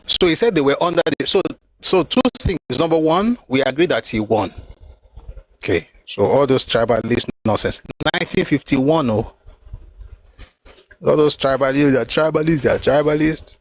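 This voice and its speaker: A man's voice: on the high side, moderate pace, poor audio. A man hosting a talk show, reading from a book and explaining each point with emphatic repetition. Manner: emphatic, repeats phrases to drive points home. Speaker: host.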